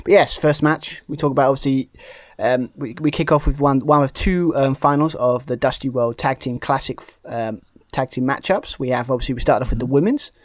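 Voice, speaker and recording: A man's voice: medium pitch, steady tone, brisk, no room sound, studio quality. A man co-hosting a wrestling podcast, rambling with many fillers and restarts and laughing often. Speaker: podcast co-host. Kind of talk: casual chat.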